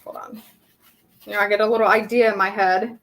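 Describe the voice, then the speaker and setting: A woman's voice: mid-range voice, fairly even intonation, fairly quick, a bit bright. A young woman from Southern California hosting a casual live painting tutorial, chatting and thinking aloud with many ums, her throat dry. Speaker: craft workshop host.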